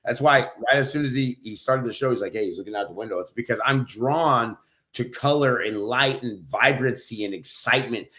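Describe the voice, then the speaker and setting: A man's voice: mid-range voice, brisk, pushed and bright. A man from New Mexico co-hosting a podcast, giving an upbeat pep-talk in casual conversation. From New Mexico, USA. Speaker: podcast co-host.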